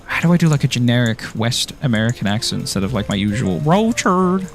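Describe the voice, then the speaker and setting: A man's voice: mid-range voice, very animated, a little fast, soft background music. An Irish man streaming a game, rambling and joking with his viewers and laughing often. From Ireland. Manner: rambling and jokey, laughs often, self-teasing. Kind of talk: casual gameplay commentary, chatting with viewers.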